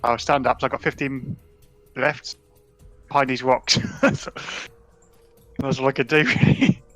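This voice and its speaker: A man playing a tabletop game, halting and laughing as he talks. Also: mid-range voice, fairly even intonation, fairly bright tone, soft background music. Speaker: player. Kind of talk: casual chat during a game.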